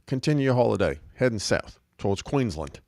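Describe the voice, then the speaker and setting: A man's voice: medium pitch, sing-song, fairly quick, gravelly, darkish tone, dry recording, clean studio sound. A man putting on a friendly middle-aged New Zealand male driver with a sing-song New Zealand accent. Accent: New Zealand, put on. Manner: chummy, sing-song questions.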